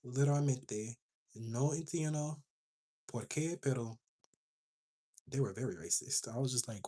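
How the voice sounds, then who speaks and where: A young woman hosting a livestream, telling a story to her chat in a sassy, animated way. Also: rumbling low, unhurried, long pauses, breathy edge. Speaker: livestream host.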